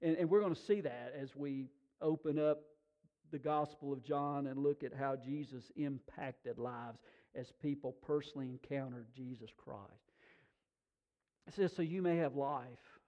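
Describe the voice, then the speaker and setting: A man preaching a sermon in a folksy, animated storytelling way, often restarting his sentences. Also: mid-range voice, unhurried, dull audio. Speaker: pastor.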